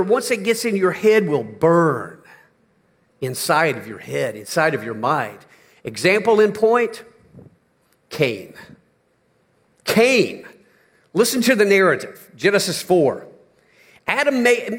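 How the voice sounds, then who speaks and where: A male pastor preaching a sermon dramatically, slowing down and dropping low for emphasis, then rising to near shouts. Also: in a large hall.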